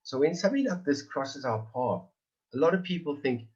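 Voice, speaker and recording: A man's voice: on the high side, expressive, moderate pace, a little mellow, lo-fi sound. A man in his forties giving an earnest personal testimony, repeating phrases for emphasis. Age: 40s. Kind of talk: emotional personal testimony on a call.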